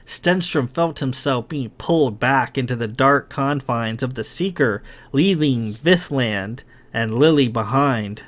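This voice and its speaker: A man reading his science fiction novel aloud in a dramatic, expressive narration. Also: medium pitch, a little slow, few pauses. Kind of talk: scripted audiobook narration.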